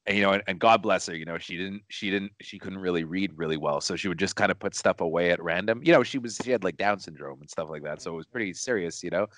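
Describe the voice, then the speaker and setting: A man's voice: sits low, fast talker, few pauses, fairly bright tone, no room sound. A man co-hosting a casual chat, telling a story in a rambling way, repeating words and restarting his sentences. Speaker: co-host. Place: studio.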